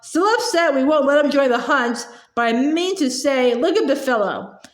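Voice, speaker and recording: A woman's voice: sits high, expressive, normal speed, reverberant. A woman voicing a boisterous, jolly ghost huntsman who roars and guffaws. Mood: hearty roaring. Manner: roaring, jovial.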